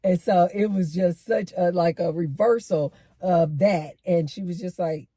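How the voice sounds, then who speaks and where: A middle-aged woman spins a story in animated, emphatic commentary, leaning on her points and repeating them. Her voice is warm and slightly husky, recorded close and dry. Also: fairly low pitch, unhurried, few pauses, dry recording. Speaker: host.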